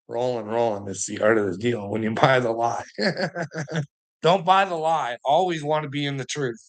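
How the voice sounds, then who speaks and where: A man speaks at a slow, unhurried pace in a loose, rambling monologue. He chuckles between phrases, swears freely and keeps throwing out rhetorical questions. His voice sits at an ordinary middle pitch. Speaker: channel host.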